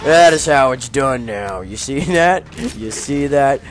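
A young man giving casual, jokey commentary while playing a video game, often yelling at enemies. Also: medium pitch, a little slow. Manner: excitable, jokey, yells at enemies. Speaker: gaming YouTuber.

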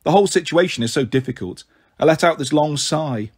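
A man reading a novel aloud in an expressive, lively storytelling manner. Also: on the high side, fairly quick, breathy edge.

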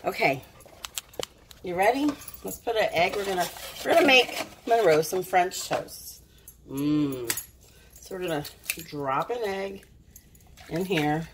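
A woman's voice: fairly low pitch, animated, a little slow, long pauses, background noise. Doting chatty woman in her kitchen. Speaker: dog owner vlogger. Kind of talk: casual home cooking vlog. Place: home kitchen.

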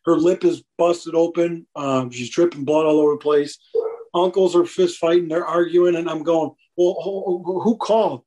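A man's voice: fairly high pitch, normal speed. A man, a police officer guest, telling stories in a casual interview and animatedly acting out the people in them. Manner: animated, acts out voices in anecdotes.

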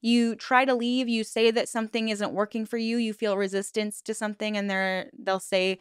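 Young female commentary host; indignant, emphatic delivery, clean smooth tone, dry booth sound. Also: fairly high pitch, level tone, moderate pace, hardly any pauses, dry recording. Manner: indignant, emphatic, heavy use of "like". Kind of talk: true-crime commentary.

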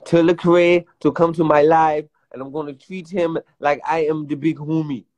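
A man's voice: on the high side, steady tone, normal speed, darkish tone. A man from the Washington DC area on a casual livestream, joking and cursing, often breaking into laughter.

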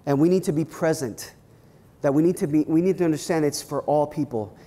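A man, a pastor, giving a workshop talk, telling personal stories in an animated way with many restarts and repeated words. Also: fairly high pitch, normal speed, long reverb tail. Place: church hall at a leadership weekend.

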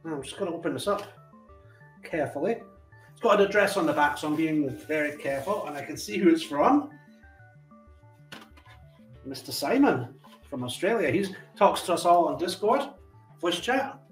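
A Scottish man chatting casually in a vlog as he opens his fan mail, with frequent warm exclamations and asides to his cat. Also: fairly high pitch, animated, normal speed, pauses often, distant mic, faint music behind. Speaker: coin collecting channel host. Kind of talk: casual vlog chat while opening mail.

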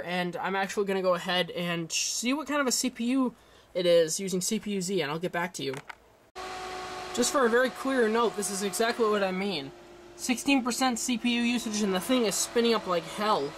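A man's voice: sits high, a little hiss or hum. A teenage young man casually walking through a rebuilt computer, rambling and correcting himself as he goes. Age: teens. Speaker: hobbyist showing a rebuilt computer. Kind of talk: casual show-and-tell.

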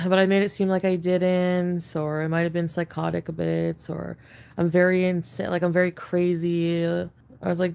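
A woman venting to camera in a rambling, profane confessional rant. She says she is high on an edible, and her speech is full of fillers and restarts. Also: little pitch movement, normal speed, creaky, darkish tone, smooth. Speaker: online video creator.

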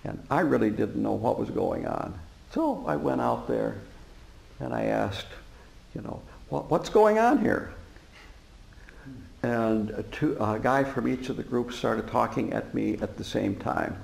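A man giving a dharma talk as a Buddhist teacher, telling stories in a relaxed way with frequent fillers and chuckles. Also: fairly low pitch, a little slow, creaky. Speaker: Buddhist teacher and former prison chaplain. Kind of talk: dharma talk to a live audience. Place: meditation center hall. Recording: roomy hall reverb.

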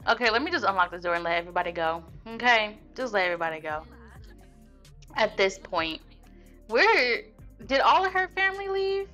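A woman's voice: mid-range voice, sing-song, brisk, sharp tone, soft background music. A young woman casually commenting on her life-sim gameplay, chatty and slangy, laughing at what her characters do. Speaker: Sims let's play host.

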